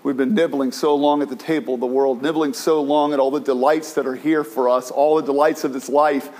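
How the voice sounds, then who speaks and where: A man's voice: mid-range voice, fairly even intonation, a little fast, darkish tone. A male pastor preaching a sermon, impassioned and repetitive, often restarting his phrases. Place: church in San Francisco.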